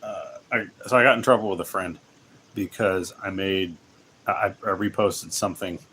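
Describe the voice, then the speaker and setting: Male streamer, lowish voice, rambling casual chat, faint hiss behind. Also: fairly even intonation, normal speed, sharp tone. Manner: rambling, self-interrupting, laughs often. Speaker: livestream host. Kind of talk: casual livestream chat while gaming.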